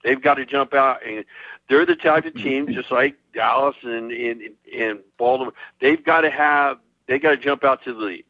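A man's voice: mid-range voice, normal speed, no room sound, lo-fi sound. A man co-hosting a casual sports podcast, making emphatic predictions with lots of restarts. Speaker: podcast co-host.

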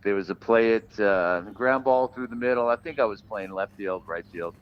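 A man's voice: on the low side, normal speed, clean tone, dull audio. An older man chatting casually, telling boastful stories from his ball-playing days and acting out the umpires. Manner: boastful storyteller, acts out umpire voices. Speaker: guest caller. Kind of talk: casual chat.

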